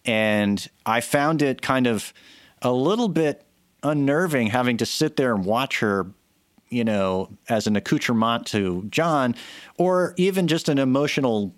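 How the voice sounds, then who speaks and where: A man's voice: mid-range voice, lively intonation, unhurried, no echo, studio quality. A man cohosting a podcast, chatting casually and giving strong opinions with many restarts, into a microphone. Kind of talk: casual chat. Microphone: studio microphone.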